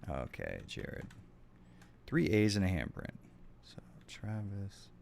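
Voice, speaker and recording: A man's voice: on the low side, big pitch swings, takes it slowly, gravelly, darkish tone, a little hiss or hum. A man streaming a game, chatting casually with his viewers, swearing often and reacting to their messages. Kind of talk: casual gameplay stream chat.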